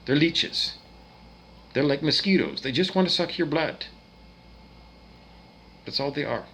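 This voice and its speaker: A man from Canada ranting angrily, swearing often and swinging between loud outbursts and quieter muttering. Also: on the high side, animated, a little slow, slight background noise, poor audio. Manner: profane, agitated ranting with swings in loudness. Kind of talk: angry rant monologue.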